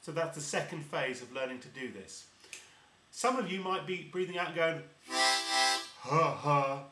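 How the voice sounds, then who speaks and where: A man's voice: a little high, animated, moderate pace, recorded from a distance, over loud music. A man teaching harmonica step by step, patiently explaining and demonstrating each sound. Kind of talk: step-by-step instrument lesson. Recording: roomy echo.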